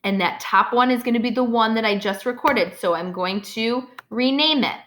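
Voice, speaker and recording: A woman's voice: fairly high pitch, moderate pace, a bit bright, slight background noise. A woman teacher explaining a computer task step by step, often checking in with "okay?". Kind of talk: screen-recorded software tutorial.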